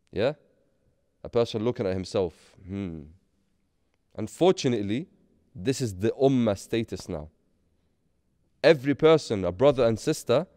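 A man's voice: mid-range voice, a little mellow, no echo. Earnest preaching man, dry sound. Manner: earnest, rhetorical questions, mixes in Arabic phrases. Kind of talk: Friday sermon.

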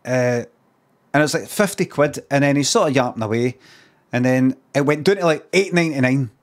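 A Scottish man chatting on a live stream, spinning a loose, rambling anecdote peppered with swearing. His voice sits at an ordinary middle pitch and stays relaxed. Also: brisk. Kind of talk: casual storytelling on a live stream.

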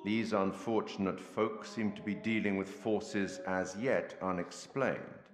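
An actor playing an enigmatic male curator in a video game, speaking in a measured, musing, theatrical way. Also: sits low, fairly even intonation. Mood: brooding. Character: enigmatic older male curator, wry and sinister. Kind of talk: video game character dialogue. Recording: roomy reverb with music.

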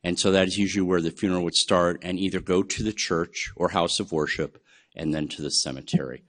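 A man's voice: sits low, steady tone, a little fast, fairly bright tone. A man from the United States giving a chatty, enthusiastic genealogy webinar lecture, with frequent fillers. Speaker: genealogy presenter. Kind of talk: webinar lecture on research methods.

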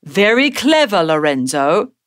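A woman's voice: on the low side, very animated, measured pace, no room sound, studio quality. A woman voicing a cheerful, encouraging dad who is teaching his young son. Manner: encouraging, praising.

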